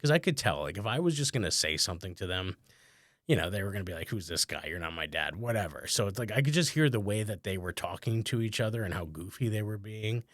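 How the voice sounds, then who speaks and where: A man's voice: fairly low pitch, animated, quick pace, no room sound, studio quality. A male comedian and podcast host telling a story in casual chat, rambling and conversational with lots of "like" fillers, chuckling often and mocking himself a little.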